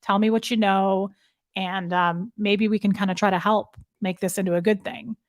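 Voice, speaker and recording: A woman's voice: mid-range voice, steady tone, normal speed, no echo. Woman guest telling her story, emotional and candid, lots of restarts, dry close sound. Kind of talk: conversational interview storytelling.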